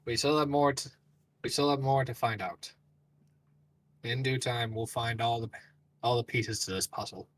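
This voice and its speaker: Male player, declaiming loudly in character, mid pitch. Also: fairly even intonation, moderate pace, long pauses, rough recording. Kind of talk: in-character tabletop role-play.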